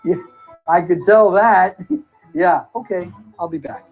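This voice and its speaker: A man's voice: high-pitched, steady tone, a little slow, dull audio, music in the background. A man acting out a tactless, self-absorbed friend who rambles on at a hospital bedside in a comedy sketch. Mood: oblivious chatter. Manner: rambling, oblivious, self-absorbed small talk. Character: tactless chatty male hospital visitor.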